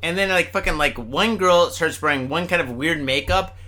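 A man's voice: a little high, normal speed, pushed and bright. A man co-hosting a casual podcast, rambling through his points with constant fillers and swearing. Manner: rambling, filler-heavy, says like and fucking constantly. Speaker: podcast co-host. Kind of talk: casual profane podcast banter.

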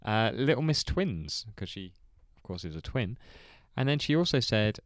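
A man's voice: fairly low pitch, sing-song, moderate pace, no room sound, studio quality. A man hosting a casual podcast chat, laid-back and chuckling, reading out listener answers with plenty of ums. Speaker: podcast host.

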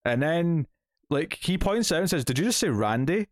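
A man's voice: fairly high pitch, sing-song, normal speed, no room sound, studio quality. A man in his thirties chatting casually about a comic issue, rambling with many restarts and fillers. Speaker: comic book podcast host. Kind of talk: casual chat reviewing a comic.

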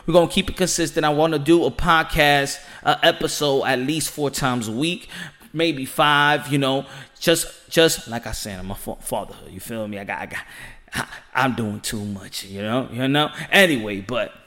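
A man hosting a boxing podcast from home, talking in an excitable, slangy monologue and often saying "ladies and gentlemen". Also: mid-range voice, moderate pace. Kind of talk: animated boxing commentary monologue. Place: home room with children nearby. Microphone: home setup.

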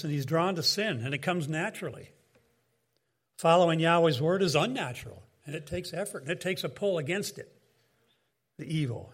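Male preacher, earnest and measured, fairly high voice, conversational asides. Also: a bit bright. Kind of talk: sermon.

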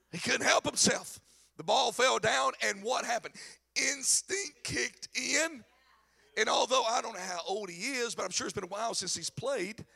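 A middle-aged man delivers a sermon in a church, his high voice edged with gravel and a husky breathiness. He tells stories with animated energy and bursts of shouted emphasis, and his tone stays bright and forceful. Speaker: pastor.

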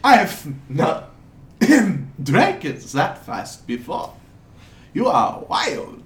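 An eccentric, overly friendly stranger whose accent slides from one country to another, as a man puts him on. He talks slowly with big swings in pitch and mangles his idioms. The recording is roomy, with a faint hiss behind it. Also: huge pitch swings, exaggerated voice. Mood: amazed. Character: odd flirtatious man, accent jumping around. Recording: roomy, noisy.

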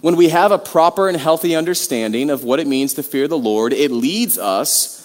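A man's voice: a little high, animated, normal speed. A man preaching a sermon in a conversational way, with many restarts and rhetorical questions. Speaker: pastor. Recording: long hall reverb.

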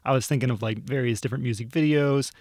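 On a casual podcast, a relaxed young video producer tells stories in a mid-pitched, unhurried voice full of "uh"s and small laughs. His laid-back delivery is captured on a studio microphone, and the recording is close and dry with no room around it.

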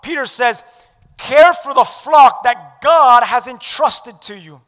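High, bright-voiced emphatic male preacher. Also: moderate pace, long reverb tail. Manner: emphatic, swinging between loud declarations and hushed lines; leads the audience in call-and-response. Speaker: pastor. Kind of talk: sermon.

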